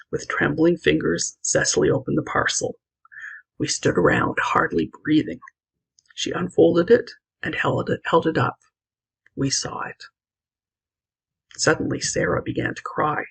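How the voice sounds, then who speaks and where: A woman reading a classic children's novel aloud in an expressive, lively narration. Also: fairly low pitch, normal speed, creaky, slightly rough, rough recording. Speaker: audiobook reader. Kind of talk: scripted storybook narration.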